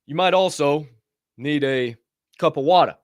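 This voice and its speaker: A man hosting a morning motivational show, talking playfully with loud bursts and hushed asides between sips of coffee. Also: a little high, a little slow, no room sound, studio quality. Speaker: podcast host. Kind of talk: energetic morning show monologue.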